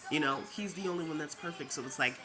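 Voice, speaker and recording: A woman's voice: low voice, quick pace. A woman giving an emotional personal testimony as a vlogger, tearful at times, who repeats herself and talks straight to her viewers. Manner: talks straight to viewers, addresses them as "y'all". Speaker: vlogger sharing a faith testimony. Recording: background music under the voice.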